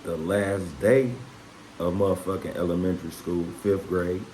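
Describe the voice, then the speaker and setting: A vlogger with a deep, fairly even voice tells a personal story straight to the camera at a moderate pace, in a rough recording with slight background noise. His rambling, profane talk is peppered with "man" and "you know what I'm saying," and he gets louder and more worked up when describing the fight.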